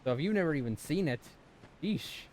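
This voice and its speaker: A man's voice: on the high side, expressive, fairly quick, darkish tone, a little hiss or hum. A young man from Southern California giving casual, joking let's-play commentary, swearing and bantering with chat. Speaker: gaming streamer.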